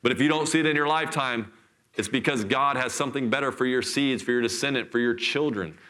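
A middle-aged man preaching a sermon in church, telling a scripture story with lively, acted-out voices. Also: medium pitch, fast. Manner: animated storytelling, acts out voices. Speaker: pastor.

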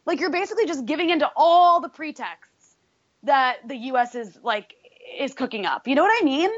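A high-pitched woman vents in an exasperated, profane rant, tripping over fillers as she talks on a political show. Her voice is close and dry, with a slightly dull, muffled quality to the recording. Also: expressive, no room sound. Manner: exasperated, profane, rapid ranting with many fillers. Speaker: political commentary co-host. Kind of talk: heated political talk show chat.

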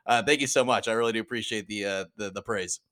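A man appearing as a guest on a podcast, talking earnestly and warmly about his subject. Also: on the low side, fast talker, dry recording. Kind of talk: casual chat.

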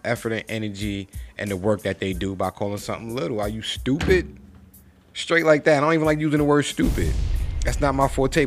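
Animated man ranting in street slang. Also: medium pitch. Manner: animated, preachy, street slang, rhetorical questions. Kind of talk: casual motivational rant to camera.

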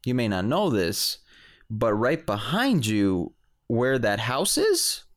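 A woman's voice: extremely low pitch, sing-song, takes it slowly, exaggerated voice. A man voicing an elderly woman neighbor in her seventies, chatty and matter-of-fact. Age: 70s.

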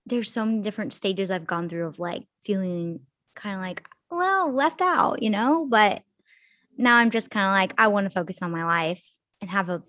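A woman's voice: mid-range voice, brisk, a bit bright, dry recording. Young woman, podcast co-host, laid-back, casual swearing, dry close sound. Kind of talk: casual chat.

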